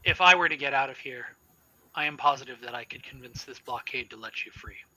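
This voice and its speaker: A man voicing a captive Minotaur creature in a tabletop game, speaking in measured, solemn pronouncements. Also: mid-range voice, bright, forceful tone, rough recording. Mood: grave. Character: captive male Minotaur-like creature, calm and ominous. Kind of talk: tabletop role-play voicing.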